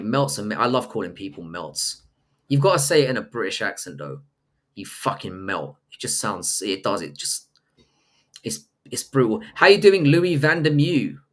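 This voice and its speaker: A man streaming live goes through viewer messages out loud, bantering back with crude and profane jokes in casual chat. His mid-range voice is a bit bright.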